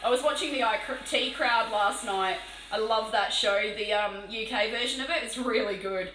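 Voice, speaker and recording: A woman's voice: on the high side, moderate pace, a bit bright, reverberant, faint music behind, rough recording. An Australian woman chatting casually on a live stream while painting, laughing often and swearing playfully. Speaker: livestreaming miniature painter. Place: room alone.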